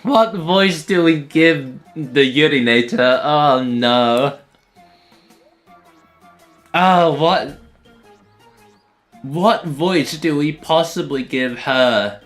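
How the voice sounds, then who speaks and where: A man's voice: fairly high pitch, drawn-out words, pauses often, fairly bright tone, faint music behind. A man streaming a game, giving casual commentary with self-deprecating, laughing asides.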